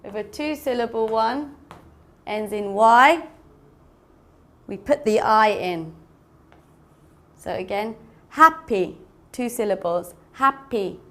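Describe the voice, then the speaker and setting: Slow, patient woman teaching English. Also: fairly high pitch. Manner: patient, repeats words and spells them out. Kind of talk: slow classroom explanation.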